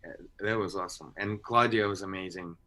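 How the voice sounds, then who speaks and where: Low deep man, actor guest chatting. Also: fairly even intonation, brisk, sharp tone. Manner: rambling with many restarts. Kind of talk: casual interview chat. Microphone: video call.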